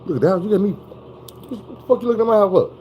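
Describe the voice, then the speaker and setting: A man acting out a fed-up mother who snaps and cusses at strangers on her porch. Her voice climbs high and loud, sharp with indignation. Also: expressive, very fast, highs cut off, slight background noise. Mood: furious. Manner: shouting, profane, indignant. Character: angry middle-aged mother, loud and cussing.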